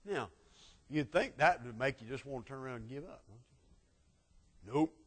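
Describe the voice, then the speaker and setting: A man preaching a sermon, telling a Bible story dramatically and swinging from loud peaks to hushed asides. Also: mid-range voice, animated, measured pace, slightly rough. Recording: long hall reverb.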